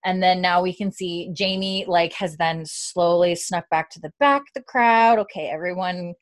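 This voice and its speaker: A woman's voice: lowish voice, normal speed. A woman hosting a casual podcast chat, retelling scenes and acting out the characters' lines. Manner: animated storyteller, acts out characters' lines. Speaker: podcast host recapping a show.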